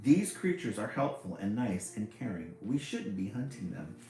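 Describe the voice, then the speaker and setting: A man voicing a brave, boastful little girl adventurer, declaring loudly. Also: on the low side, big pitch swings, moderate pace. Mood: commanding. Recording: very echoey room, faint music.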